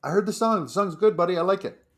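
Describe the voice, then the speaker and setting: A man's voice: high voice, fast talker, a bit bright. A man co-hosting a livestream, with dry, teasing banter over a video call.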